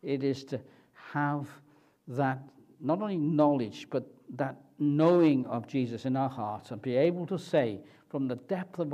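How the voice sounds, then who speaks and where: A man preaching a sermon at a church, asking and answering questions slowly and deliberately. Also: mid-range voice, warm tone.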